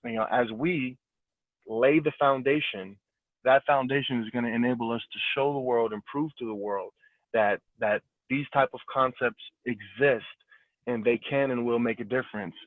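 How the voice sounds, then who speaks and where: A man's voice: medium pitch, moderate pace, dry recording. A man hosting a group call, talking in an encouraging, rambling way with many restarts. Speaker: call host. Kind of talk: casual group call talk. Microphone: cell phone. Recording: tinny phone-line audio.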